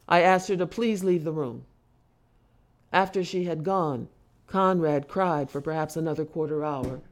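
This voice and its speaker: A speaker reads lengthy book excerpts aloud with short remarks in between. The pitch sits in the middle, and the reading leans into quoted speech with louder, more emphatic delivery. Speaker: reader discussing a book. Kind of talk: reading passages aloud with commentary.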